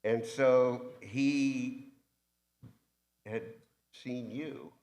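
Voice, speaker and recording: A man on a convention panel telling a behind-the-scenes story in a relaxed, dry way. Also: medium pitch, extremely slow. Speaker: panel guest, film actor and producer. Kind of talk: anecdotal panel talk.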